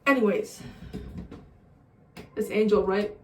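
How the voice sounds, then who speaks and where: A woman's voice: mid-range voice, slow pace, slight background noise. A young woman vlogger telling a rambling, profane story in a casual storytime way. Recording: roomy sound, distant mic.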